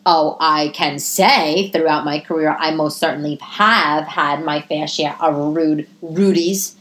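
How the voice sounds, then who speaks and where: Animated, profane woman podcast host. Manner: animated and profane, pitch swinging up into high exclamations. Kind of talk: casual solo podcast monologue. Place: living room.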